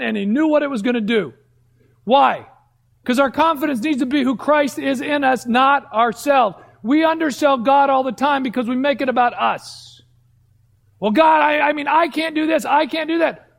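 A man with a very high, gravelly voice delivers a sermon. He preaches emphatically, posing questions and answering them himself, and at times drops to a low hush.

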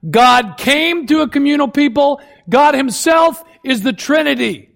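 A man's voice: very high voice, expressive, measured pace, vocal fry, fairly bright tone. A man preaching a sermon, emphatic and repeating key phrases for effect. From United States. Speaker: pastor.

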